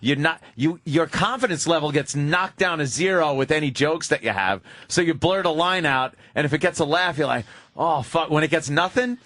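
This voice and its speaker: A radio host with a fairly high voice chats with his guests and prods them in a wry way. The studio sound is dry and close. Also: expressive, normal speed, a bit bright, no echo. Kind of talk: casual radio chat.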